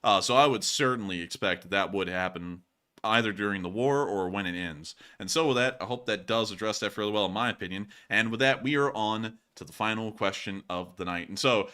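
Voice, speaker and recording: A man's voice: on the low side, brisk, bright, forceful tone, clear, resonant tone. A man hosting a live-streamed war news show, answering viewer questions in casual chat, laughing often and joking loosely.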